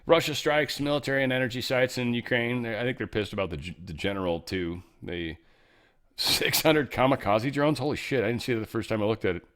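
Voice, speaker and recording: Reacting to headlines on his casual political commentary show, a middle-aged male host talks briskly in a mid-range, fairly bright voice. He rambles sarcastically and curses freely.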